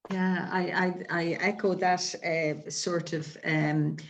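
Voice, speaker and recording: A woman's voice: fairly low pitch, flat delivery, slow pace. A woman taking part in an online discussion, speaking with feeling and often restarting her sentences. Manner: impassioned, hesitant restarts. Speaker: participant. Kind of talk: casual discussion.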